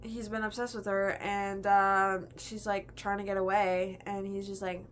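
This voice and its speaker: A woman's voice: mid-range voice, flat delivery, measured pace, a little hiss or hum. A young woman in a casual book review chat, gushing and chatty, filling her talk with "like". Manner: gushing, chatty, heavy use of "like".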